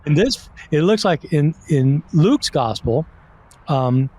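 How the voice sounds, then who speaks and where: A man's voice: fairly high pitch, expressive, slow, darkish tone. A man explaining as a guest scholar in an interview, conversational, with many fillers and restarts.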